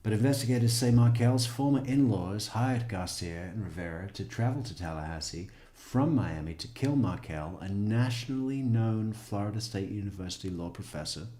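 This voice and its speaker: A man's voice: fairly low pitch, lively intonation, moderate pace, few pauses, mellow, reverberant. A man reading a news article aloud as a true crime commentator, breaking in with wry, sarcastic asides.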